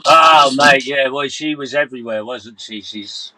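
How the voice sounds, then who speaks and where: A man's voice: mid-range voice, a little slow, a loud crowd, rough recording. A man hosting a casual live stream from outdoors by a canal, talking into his phone in an easygoing way and repeating himself. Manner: easygoing, repeats himself, calls people mate. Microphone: phone camera.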